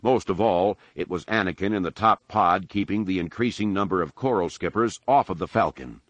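Deep-voiced man narrating an audiobook. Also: fairly quick, no echo. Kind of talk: scripted narration.

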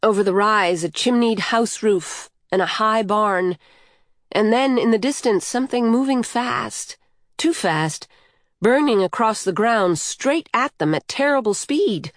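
A woman reading a novel aloud in measured, even storytelling. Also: fairly high pitch, dry recording, studio quality. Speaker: audiobook narrator. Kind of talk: scripted narration.

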